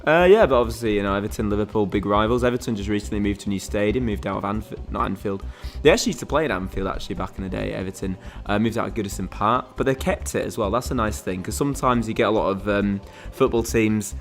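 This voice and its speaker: A man's voice: fairly low pitch, fast talker, few pauses, soft background music. A man hosting a quiz game on a live stream, chatting casually and rambling with lots of fillers and restarts.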